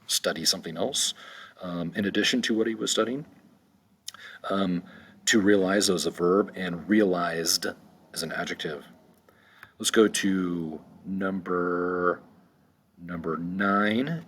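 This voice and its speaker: Low husky-voiced male teacher. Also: a bit bright. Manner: repeats each word slowly for pronunciation, with frequent ums. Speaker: English vocabulary teacher. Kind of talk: recorded vocabulary lesson.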